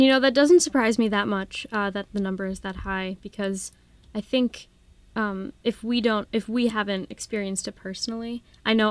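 A woman's voice: medium pitch, gravelly, no echo. A young woman from Minnesota, a student guest on a radio show, friendly and thoughtful. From Minnesota, USA. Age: young adult. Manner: friendly, thoughtful, laughs easily. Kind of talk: casual radio chat.

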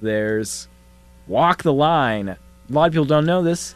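A young man co-hosting a college radio talk show, joking in a deadpan, mock-serious way. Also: fairly high pitch, unhurried, no echo. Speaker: co-host.

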